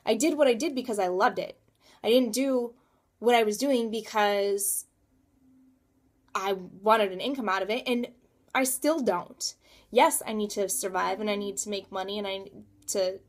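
A woman's voice: medium pitch, moderate pace. A woman in her thirties talking through a personal motivational vlog, emphatic and repeating words for stress. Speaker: coach and realtor.

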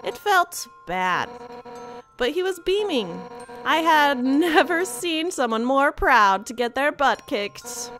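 Undyne, a woman putting on a loud fish-monster warrior. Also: high-pitched, sing-song, takes it slowly, faint music behind, pitched above the performer's own voice, exaggerated voice. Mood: reminiscing. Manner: loud, boisterous, overeager. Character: brash fierce female fish-monster warrior captain. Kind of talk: reading game dialogue aloud.

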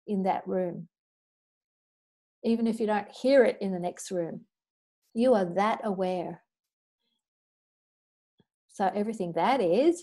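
Mellow-voiced woman teaching a healing class. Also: mid-range voice. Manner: earnest, chatty, storytelling, with quick recited formulas. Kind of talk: spoken teaching talk with clearing statements.

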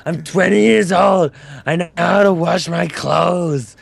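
A man's voice: high-pitched, slow, vocal fry, no echo, voice pushed up, full character voice. A man hamming up a sulky young man whining back at his mother. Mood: whiny.

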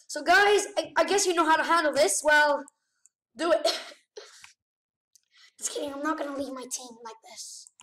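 A woman with a high-pitched voice narrates her gameplay, punctuating it with excited gasps and exclamations. The mic sits some distance away in an echoey room, so her voice rings around the space.

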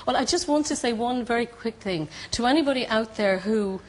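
An Irish woman, a guest on a television chat show, telling her story in an animated way and acting out the voices of people she quotes. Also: a little high, fairly quick, low-quality recording. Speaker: studio guest. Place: TV studio.

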